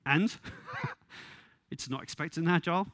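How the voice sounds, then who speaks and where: A man giving a conference talk, wry and exasperated, with quick asides and laughs. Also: a little high, a bit bright, dry recording. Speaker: conference speaker. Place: conference venue.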